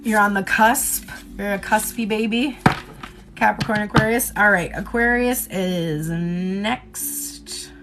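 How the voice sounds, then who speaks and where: Over background music, a tarot reader livestreams a relaxed session, speaking slowly in a medium-pitched voice. She's talkative and frank, laughs a lot, swears offhandedly, and rambles with plenty of fillers.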